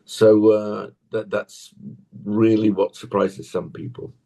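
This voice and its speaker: Older English actor, gravelly low husky voice, rambling anecdotes on a video call. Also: male voice, steady tone, takes it slowly, warm tone. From England. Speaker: actor guest. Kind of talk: casual interview chat. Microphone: tablet on a video call.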